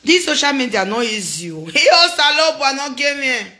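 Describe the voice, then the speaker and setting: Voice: high-pitched, expressive, brisk, bright, forceful tone, echoey room. A speaker with a Nigerian accent giving casual reaction commentary on social media drama, exclamatory and given to repeating phrases. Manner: exclamatory, repeats phrases, mixes Pidgin and Yoruba.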